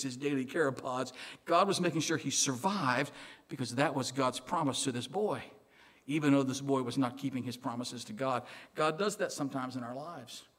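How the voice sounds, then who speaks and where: A pastor from Illinois, Southern accent and a voice a little on the high side, gives an animated sermon full of jokes. At times he goes quiet to drive a point home.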